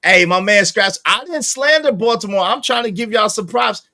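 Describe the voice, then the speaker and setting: A man hosting a casual online chat, talking in animated, slangy, teasing bursts. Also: sits high, normal speed, creaky. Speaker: host.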